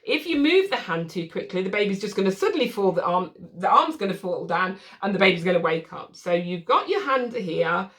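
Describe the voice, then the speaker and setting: A woman's voice: medium pitch, a little fast, hardly any pauses. Patient woman demonstrating baby settling, mid-range voice, mic set back from her. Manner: calm, patient, reassuring, demonstrates shushing. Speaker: baby sleep consultant. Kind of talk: instructional demonstration. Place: room with a changing mat set up as a crib. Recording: voice from a distance from the mic.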